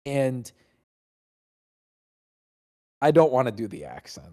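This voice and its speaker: A man's voice: mid-range voice, fairly quick, crowd noise. A man co-hosting a podcast, talking loosely about films with lots of fillers. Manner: loose, filler-heavy, animated film criticism. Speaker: podcast co-host. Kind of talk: casual chat.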